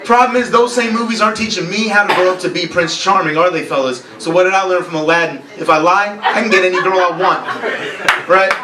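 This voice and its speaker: A man's voice: high voice, quick pace. Young male stand-up comic, sardonic, self-mocking, banters with the crowd; raised voice, roomy bar heard from afar. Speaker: stand-up comedian. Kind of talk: live stand-up set. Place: bar comedy night. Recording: roomy bar recorded from far off, crowd laughing.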